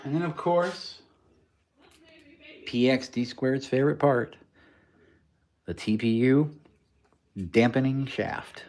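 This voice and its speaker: A man's voice: medium pitch, slow pace, pauses often, a little mellow, a little hiss or hum. A man hosting a casual livestream, talking through a build in a rambling, joking, technical way.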